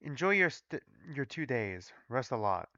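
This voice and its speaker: Dude reading annoyed young researcher, flat formal lines, dry dull mic. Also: male voice, dry recording, heavily acted. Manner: low flat quick reading.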